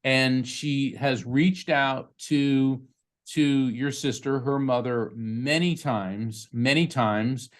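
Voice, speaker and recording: A male psychic medium gives a live reading to a participant over a video call, speaking quickly and conversationally and often restarting his sentences. His voice is mid-range with fairly even intonation.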